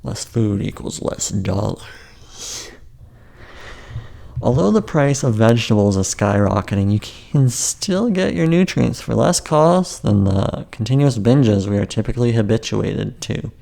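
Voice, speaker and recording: A man's voice: mid-range voice, animated, normal speed, gravelly, hardly any pauses, warm tone. A man narrating his own memoir as an audiobook, casual and joking, with wry asides.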